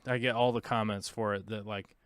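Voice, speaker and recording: A man's voice: on the low side, steady tone, brisk, fairly bright tone, smooth, dry recording, clean studio sound. An American man hosting a live show, talking in a casual, rambling way full of fillers and restarts. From United States. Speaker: host of aquarium livestream.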